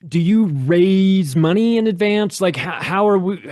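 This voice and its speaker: A man hosting a podcast in casual chat, talking quickly and often cutting in. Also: high voice, animated, darkish tone, dry recording, clean studio sound. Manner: quick, interjecting, loose. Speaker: podcast host.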